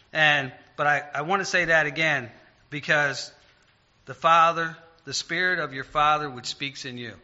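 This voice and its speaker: A man giving an informal sermon in a folksy, rambling, self-deprecating way, slowing down when he reads scripture. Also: fairly high pitch, sharp tone. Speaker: lay preacher. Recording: dull lo-fi recording.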